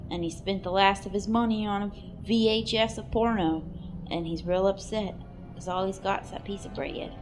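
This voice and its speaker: A woman at an ordinary middle pitch narrates a cartoon play by play. Her commentary is crude and offhand, and it jumps into loud, excited exclamations. Faint music plays behind her. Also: moderate pace. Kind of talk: casual comic play-by-play narration.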